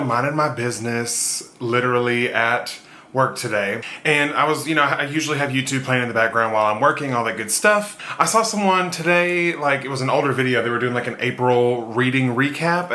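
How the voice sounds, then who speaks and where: A man's voice: mid-range voice, bright, forceful tone. A man vlogging as he cooks, chatting and joking with his viewers. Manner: upbeat, joking, talks straight to viewers. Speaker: YouTube vlogger and writer. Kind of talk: casual chatty vlog while cooking. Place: home kitchen. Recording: roomy kitchen echo.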